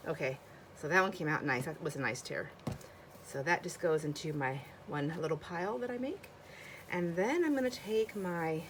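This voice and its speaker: A woman's voice: fairly low pitch, slight background noise. A middle-aged woman hosting a casual crafting video, chatting and rambling with plenty of fillers as she works. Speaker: craft channel host. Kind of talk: casual crafting tutorial chat.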